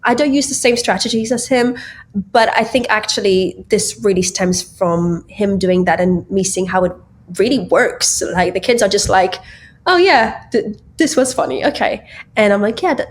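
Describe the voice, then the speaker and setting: A woman guest on a podcast, chatting casually and lightheartedly, laughing often between many fillers. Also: mid-range voice. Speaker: guest, tech founder.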